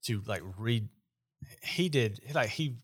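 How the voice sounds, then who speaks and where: A man's voice: mid-range voice, animated, takes it slowly, breathy edge. A man hosting a casual podcast chat, talking in an opinionated, rambling, dismissive way. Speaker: podcast host.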